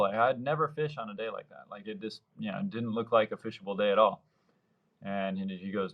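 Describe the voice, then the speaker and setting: A man's voice: on the low side, a little fast, lo-fi sound. Man in his thirties, rambling storyteller. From Mexico, Baja California Sur. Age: 30s. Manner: rambling anecdotes, acts out quoted voices. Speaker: surf fishing guide. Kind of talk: casual interview storytelling.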